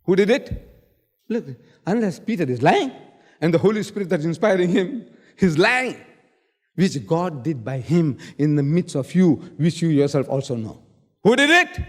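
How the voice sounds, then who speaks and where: A man's voice: fairly high pitch, animated, moderate pace, darkish tone. Emphatic man debating in a hall. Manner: emphatic, quotes scripture, repeats key words. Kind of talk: public debate argument. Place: lecture hall.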